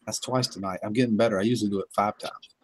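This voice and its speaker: A man's voice: on the low side, steady tone, racing, heavy background noise. A man hosting a casual home livestream, chuckling often and greeting chat viewers by name. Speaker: livestream host.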